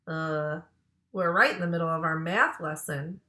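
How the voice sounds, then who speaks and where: Brisk storybook schoolteacher man, bright-toned, read by a woman, roomy sound. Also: sits low, voice pushed down. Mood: put out. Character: stern male schoolteacher. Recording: roomy echo.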